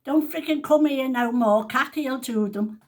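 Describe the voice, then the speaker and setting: A woman's voice: high-pitched, moderate pace, voice pushed up. Woman doing a bossy, deaf old lady. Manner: sharp, bossy, shouting. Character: cranky deaf elderly woman neighbour, demanding.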